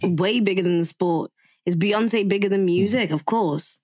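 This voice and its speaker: A woman's voice: medium pitch, normal speed, darkish tone, no echo. A woman co-hosting a podcast, making dry, teasing remarks in casual chat. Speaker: podcast co-host.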